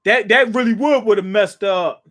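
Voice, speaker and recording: A man's voice: high-pitched, normal speed, fairly bright tone. A man hosting a live comic reaction, reading scenes aloud and retelling them in casual slang, often restarting and chuckling. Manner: casual, slangy, paraphrases scenes in his own words. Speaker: manga reaction host.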